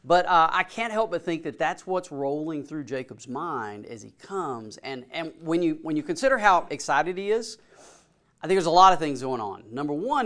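A man's voice: a little high, expressive, moderate pace, fairly bright tone. A man teaching a Bible class in a casual way, reading scripture and asking the group questions. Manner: asks the group questions, informal.

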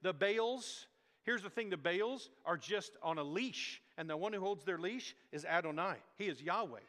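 A male pastor preaches a sermon in a bright, ringing voice that sits a little high for a man. He is animated and emphatic, repeats words for weight and acts out quotes. The sound carries the long reverb of a church hall. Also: moderate pace. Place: church sanctuary.

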